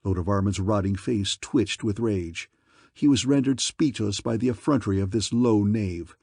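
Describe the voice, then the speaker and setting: A man narrating an adventure novel as an audiobook in a measured, even way. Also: on the low side, gravelly, dry recording, clean studio sound.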